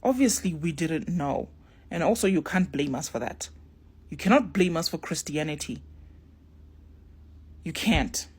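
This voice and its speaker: Young woman, lowish husky voice, casual storytelling, plays out the voices. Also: animated, unhurried, pauses often, a little mellow. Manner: acts out dialogue in shifting voices, talks straight to viewers. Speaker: spiritual storyteller.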